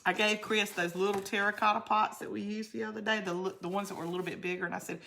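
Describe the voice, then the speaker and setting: A bright, forceful voice belongs to a middle-aged woman. She chats loosely and rambles from one thought to the next. She answers her viewers directly as she works on a craft. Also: medium pitch, little pitch movement, fast, vocal fry, a little hiss or hum. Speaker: craft channel host. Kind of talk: casual livestream craft chat.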